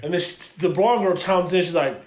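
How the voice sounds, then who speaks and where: A man co-hosting a casual review chat, recapping scenes in an animated way and swearing freely. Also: sits high, fairly quick. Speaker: co-host reviewing a TV episode. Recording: echoey room.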